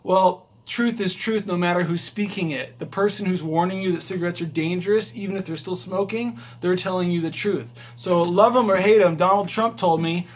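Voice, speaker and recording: A man's voice: high-pitched, normal speed, slight background noise. A man vlogging as a rideshare driver, walking through his house and talking to a handheld phone camera in an emphatic, rambling, motivational way. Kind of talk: casual vlog talk to camera.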